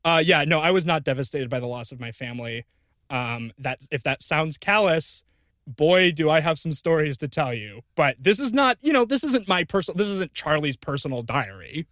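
A man with a fairly high voice co-hosts an improvised comedy podcast. He spins absurd stories in a dry, deadpan way and breaks into laughter often. The sound is close and dry, with no room around it. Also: normal speed, no room sound. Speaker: podcast co-host.

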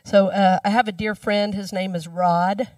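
A woman minister giving a sermon in a chatty storytelling way, dropping her voice low when she repeats the mantra. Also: steady tone, normal speed, no echo, far from the mic. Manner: conversational storytelling, speaks the mantra softly.

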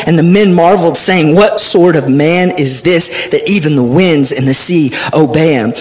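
A male pastor preaching a sermon, reading scripture aloud with animated delivery. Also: on the high side.

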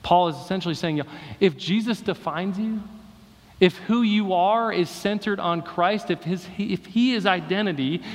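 A male pastor preaches in a fairly high voice, pressing his point with repeated rhetorical questions. His words ring out with a long echo, as though he is speaking in a church sanctuary. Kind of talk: sermon. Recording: long reverb of a hall.

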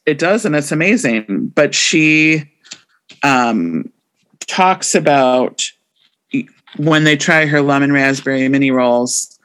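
A woman's voice: deep voice, animated, takes it slowly, fairly bright tone. A woman in her forties co-hosting a casual chat about a baking show, talking with frequent ums and trailing thoughts. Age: 40s. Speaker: podcast co-host.

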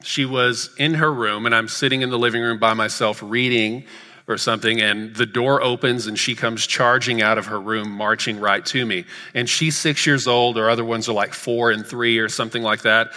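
A man's voice: mid-range voice, pushed and bright. A man in his thirties preaching a sermon in a church sanctuary, telling a story earnestly and building to emphatic repeated lines. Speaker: pastor. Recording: reverberant hall.

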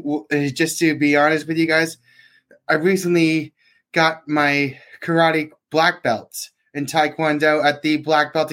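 A young man talking as a podcast guest in a casual interview, hesitant and halting, with many restarts and "like". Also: on the high side, fairly bright tone. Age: young adult.

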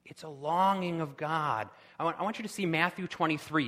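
A man preaching a sermon with impassioned delivery, rising to loud pleading cries. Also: fairly high pitch, moderate pace, hardly any pauses, big-room sound. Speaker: pastor.

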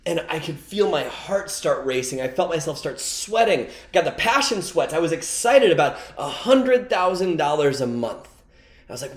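Animated man coaching in an echoey room. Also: a little high, fairly quick. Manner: energetic, storytelling, acts out quoted dialogue. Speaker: online course coach. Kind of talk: recorded course lesson.

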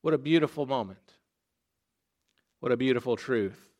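A man preaching a sermon, slow and emphatic, dropping soft and low on key phrases. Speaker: pastor.

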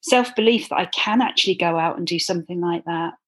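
A woman guest in a casual interview, a club runner, tells her running story quickly in a lowish voice. She comes across as chatty and earnest, saying "um" a lot.

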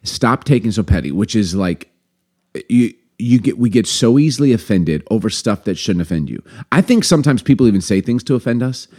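Guy co-hosting a podcast, kinda low voice, joking around a lot. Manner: animated, joking, quick to laugh. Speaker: podcast co-host. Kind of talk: casual podcast chat.

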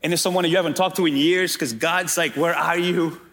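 A man's voice: on the high side, quick pace, a bit bright, a little hiss or hum. A man preaching a sermon as pastor, calling out directly to his congregation.

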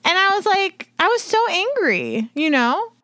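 A woman co-hosting a podcast in casual chat, blunt and animated, swearing freely as she tells stories. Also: very high-pitched, measured pace, no room sound. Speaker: podcast co-host.

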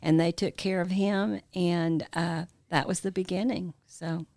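A woman's voice: on the low side, steady tone, measured pace, darkish tone, no room sound, studio quality. An older woman, mother of the hosts, telling a long family story in a rambling way with many fillers. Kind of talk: storytelling in casual family chat.

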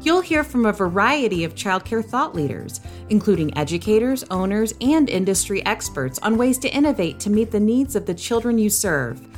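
A woman announces the podcast in a polished, upbeat read. Her voice sits at a middle pitch, with faint music playing behind her. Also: sing-song, normal speed, few pauses. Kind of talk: scripted intro read.

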